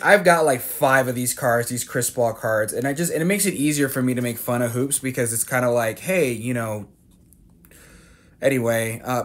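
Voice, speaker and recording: A man's voice: mid-range voice, a bit bright. A man hosting his own card-collecting channel, chatting casually as he reads out each card name and cracks self-mocking jokes. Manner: reads card names aloud, jokey and self-mocking, with fillers and restarts. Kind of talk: casual card-opening commentary.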